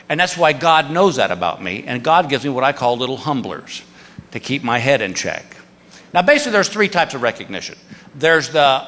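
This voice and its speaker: A man's voice: medium pitch, fairly bright tone. A man in his fifties performing a stand-up comedy routine, telling a story and acting out the other people in it. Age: 50s. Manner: storytelling, acting out quoted voices. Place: large theater stage. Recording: live theater with long reverb. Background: audience laughter.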